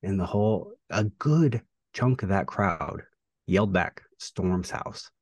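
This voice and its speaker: A man, a pro wrestler, talking through a rivalry in a casual interview, reflective and halting with fillers and restarts. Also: lowish voice, expressive, a little mellow, breathy edge, no echo.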